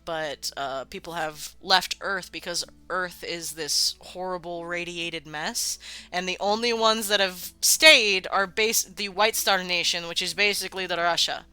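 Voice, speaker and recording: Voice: medium pitch, steady tone, unhurried, bright, forceful tone, smooth, no room sound. A streamer chatting casually while building a game world, rambling, laughing often and swearing freely. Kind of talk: casual live-stream chat.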